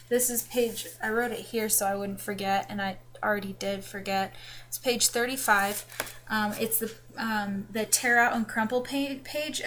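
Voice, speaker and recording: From the Carolinas, a young adult woman vlogger talks in a mid-range, slightly bright voice whose accent drifts between New York and the American South. She chats casually through a journal vlog recorded on a webcam, with lots of fillers and restarts and faint background noise.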